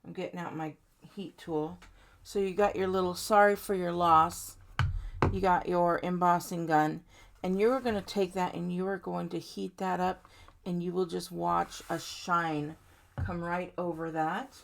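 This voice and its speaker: Female craft tutorial host, low gravelly voice, casual and conversational. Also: slight background noise. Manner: chatty, warm-hearted, talks to viewers directly. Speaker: card-making tutorial host. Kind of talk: casual step-by-step crafting demo.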